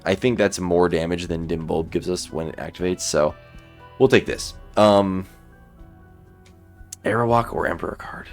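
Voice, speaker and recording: Gaming commentator, male, very low voice, laid-back running commentary, faint music underneath. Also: normal speed, vocal fry, long pauses. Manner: relaxed, thinking aloud while playing. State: sleepy, yawning. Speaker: gaming YouTuber. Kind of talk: let's play commentary.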